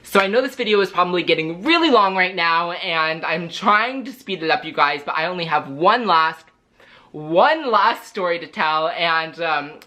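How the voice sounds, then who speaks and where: A young man telling storytime anecdotes in a vlog, chatty and animated, packed with filler words. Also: high-pitched, normal speed. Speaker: vlogger.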